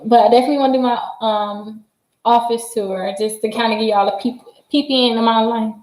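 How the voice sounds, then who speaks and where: Excitable woman chatting on a roomy livestream. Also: a little high, a little fast. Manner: excitable and chatty, laughs often, talks straight to viewers. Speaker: credit repair livestream host. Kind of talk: casual livestream chat reading viewer comments. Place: her office. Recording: roomy echo.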